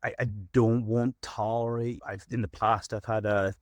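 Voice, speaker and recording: Low-voiced man telling work stories. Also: little pitch movement, moderate pace, no echo. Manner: acts out his own stern warnings to clients. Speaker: veterinary practice manager, guest. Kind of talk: casual storytelling interview.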